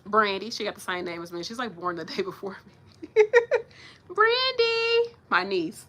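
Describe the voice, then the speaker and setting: A woman's voice: fairly low pitch, fairly even intonation, fairly quick, sharp tone. A woman, giving casual motivational talk in a frank, profane, big-sister manner. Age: 30s. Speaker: nurse vlogger.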